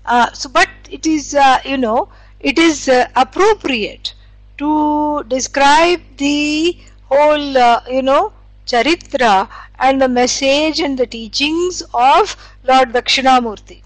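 A woman teaches in a relaxed, rambling lecture, full of "you know" and restarts. Her voice sits high, and the recording is dry and close, with little room sound. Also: a little slow, dry recording, low-quality recording. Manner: meandering, conversational, many fillers and restarts. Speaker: Vedanta teacher. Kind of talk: spiritual lecture.

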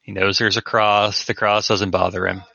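A man's voice: lowish voice, level tone, normal speed, vocal fry, bright, forceful tone, no room sound, lo-fi sound. A man narrating his character's actions in a plain, matter-of-fact way as a tabletop player.

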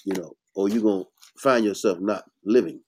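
A man's voice: lowish voice, moderate pace, darkish tone, slight background noise. A man hosting a casual health talk as an herbalist, speaking bluntly and preachily with emphatic bursts. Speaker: herbalist host.

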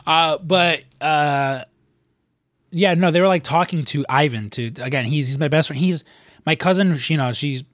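A man's voice: fairly high pitch, normal speed, a bit bright, no echo, clean studio sound. A man co-hosting a podcast, telling stories in a loose, profane way with lots of fillers. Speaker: podcast co-host. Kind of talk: casual chat.

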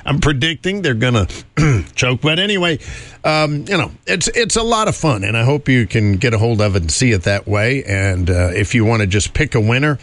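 A man's voice: medium pitch, lively intonation, moderate pace, fairly bright tone, no room sound. Chatty rambling morning radio host man. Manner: rambling, chatty, self-interrupting with fillers and chuckles. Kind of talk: casual radio chat.

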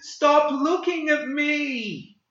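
A man voicing a frightened small boy with wild magic, in a shrill, whiny tone, as a storybook reader. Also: big pitch swings, slow pace, pushed and bright, roomy sound, dull audio, full character voice. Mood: shrieking.

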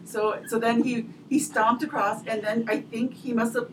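A woman's voice: a little high, little pitch movement, moderate pace. Rambling middle-aged woman guest, distant mic. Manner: rambling, with many fillers and restarts. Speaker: podcast guest. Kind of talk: casual chat. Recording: distant mic with clear background noise.

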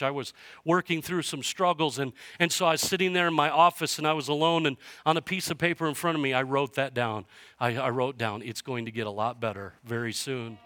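Bright, passionate male pastor preaching. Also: fairly high pitch, no echo. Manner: passionate preaching, swinging from hushed to loud. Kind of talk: sermon. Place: church sanctuary.

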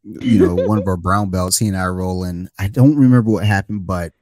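A man with a low, deep voice hosts a podcast in relaxed conversation. He tells self-deprecating stories in an easygoing way. The sound is dry and close, with no room echo. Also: brisk. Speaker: podcast host. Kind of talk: casual chat.

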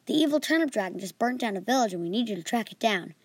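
A woman's voice: a little high, expressive, quick pace, husky, no room sound. A female narrator voicing an anxious, earnest male king in a homemade audio story. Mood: urgent. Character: anxious male king of a fairy-tale kingdom.

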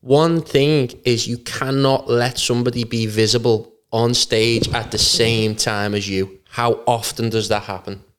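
A man's voice: mid-range voice, fairly even intonation, a little slow, few pauses, clear, resonant tone. A male podcast co-host who prompts the stories with short questions and agreement. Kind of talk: casual podcast chat.

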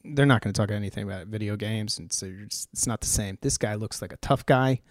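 A man's voice: on the low side, fast, no room sound, studio quality. An American man rambling through news in a casual, profane, joking way, full of fillers and restarts. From United States.

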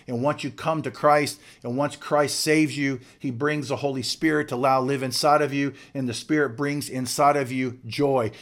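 A man delivers a sermon with earnest emphasis, leaning on repetition to drive his points home. His voice sits at an ordinary middle pitch for a man. He addresses the listeners directly, like a preacher from the pulpit.

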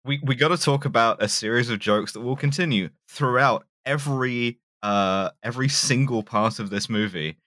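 A man co-hosting a podcast in casual chat, animated and sarcastic, swearing freely. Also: medium pitch, moderate pace, hardly any pauses, dry recording, clean studio sound. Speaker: podcast co-host.

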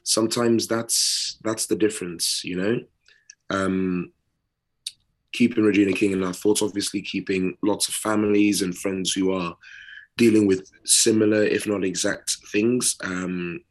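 A British podcast co-host with a very low, deep voice speaks on a casual show with fairly even intonation. Earnest and unhurried, he leans into pauses and repeats words as he builds his point.

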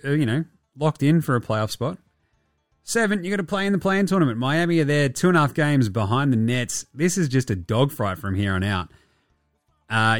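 A young Australian man talks basketball in a loose, joking way, swearing freely and rambling as he goes. His voice sits at a mid pitch and sounds dry and close to the mic, with faint music underneath. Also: no room sound. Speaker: basketball podcast host. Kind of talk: casual sports chat.

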